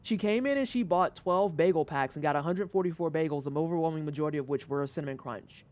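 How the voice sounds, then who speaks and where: A young adult livestreamer chatting casually to viewers, retelling a work story with animated swings and casual swearing. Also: mid-range voice, quick pace.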